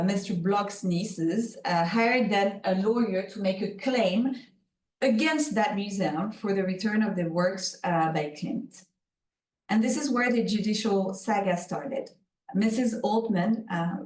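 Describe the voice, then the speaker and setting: A woman's voice: medium pitch, darkish tone. A woman with a French accent giving a conference keynote as a lawyer. She speaks carefully, with many fillers and self-corrections. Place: lecture room. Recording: roomy echo, voice from far off.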